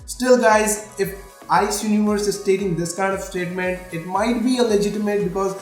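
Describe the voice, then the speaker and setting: A man's voice: sits high, steady tone, moderate pace, distant mic. A man hosting a tech channel, running through phone rumors in a wordy way, with many fillers and asides to the audience. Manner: wordy, filler-heavy, keeps addressing the audience as guys. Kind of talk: tech rumor rundown with sponsor read. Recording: echoey room with faint music.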